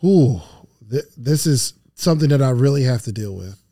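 Mellow-voiced podcast host, dry sound. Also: mid-range voice, normal speed, dry recording. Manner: calm, brief prompts and follow-up questions. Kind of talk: interview questions.

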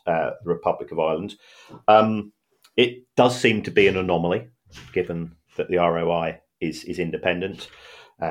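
A man co-hosting a podcast, speaking in a measured, hesitant way with many pauses and fillers. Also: sits low. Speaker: podcast co-host, finance expert. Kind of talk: casual chat.

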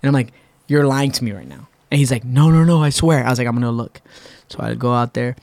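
Man, from Massachusetts, podcast guest, casual animated storytelling, acts out quotes, middle pitch, dry sound. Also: fast talker, vocal fry, dry recording. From Massachusetts, USA.

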